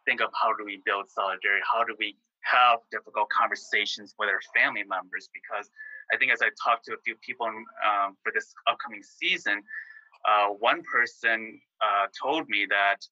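A man hosting a podcast, asking earnest, measured questions with many fillers. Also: on the low side, bright, forceful tone, no echo, lo-fi sound. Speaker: podcast host. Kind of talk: interview questions.

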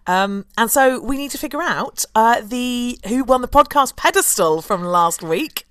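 A woman's voice: fairly high pitch, expressive, measured pace, fairly bright tone, smooth, no room sound. A woman co-hosting a casual history podcast, laughing often as she talks. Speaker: podcast co-host. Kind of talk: casual chat.

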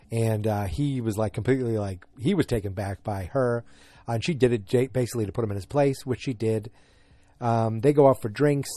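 A man casually recapping a TV episode, halting and rambling with frequent restarts. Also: fairly low pitch, mellow, dry recording. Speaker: show recap host.

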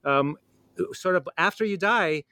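A man's voice: high-pitched, measured pace, bright, forceful tone, no room sound. A man hosting an interview podcast, friendly and thoughtful, talking casually with some fillers. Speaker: podcast host.

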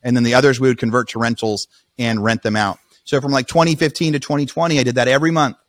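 A man speaking as a podcast guest, racing through his story at a quick clip. His voice sits in a middle register and sounds close and dry. He often stops and restarts mid-sentence. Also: medium pitch, no room sound. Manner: rapid, animated retelling with restarts. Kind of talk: casual storytelling.

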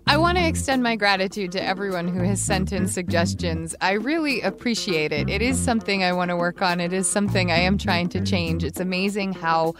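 A woman's voice: fairly low pitch, lively intonation, fairly quick, few pauses, music in the background. A woman co-hosting a chat show on etiquette, chatting casually and laughing often. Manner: laughs often, self-deprecating. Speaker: co-host, etiquette expert.

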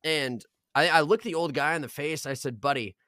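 A man's voice: a little high, a little fast, bright, forceful tone, no echo, studio quality. A young man co-hosting a podcast in casual chat, laid-back and profane, often saying "bro.". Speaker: podcast co-host. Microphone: podcast mic.

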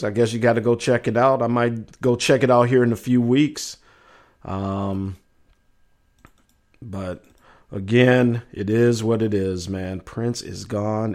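A middle-aged man hosting a casual live talk show, reading out chat messages in a loose, chatty way. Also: mid-range voice. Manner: loose and chatty, trails off quietly, then livens up for segment intros.

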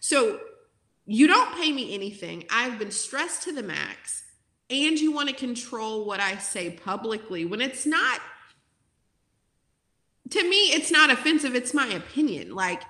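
A woman's voice: on the high side, very animated, a little slow, bright, forceful tone, echoey room. A woman in her forties, a former teacher, talking in an interview in an outspoken, emotional way with many fillers. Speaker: guest, former teacher turned content creator.

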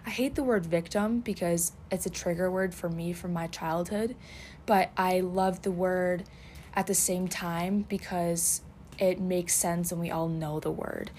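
Woman podcast host, lower register, earnest and heartfelt, faint room ambience. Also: fairly even intonation, measured pace, a little mellow, a little hiss or hum. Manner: earnest, repetitive, heartfelt phrasing. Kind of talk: casual reflective chat.

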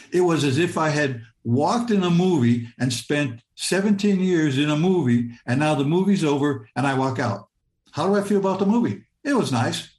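An older man in his seventies tells a personal story in a somewhat high voice. He halts, restarts and repeats words, recounting it in vivid present tense, and his voice carries a roomy echo. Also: a little mellow. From Michigan, United States.

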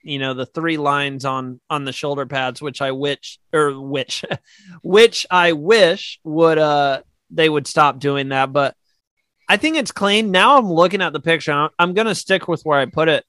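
A man co-hosting a casual sports podcast, relaxed and chatty, often laughing and restarting his sentences. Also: fairly high pitch, measured pace, clear, resonant tone, no room sound. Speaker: podcast co-host. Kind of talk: casual chat.

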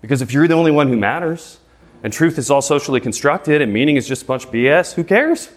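A man in his thirties giving a live presentation to an audience. He speaks emphatically and rhetorically, keeps asking "right?", and stumbles over repeated words when he gets excited. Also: medium pitch, quick pace.

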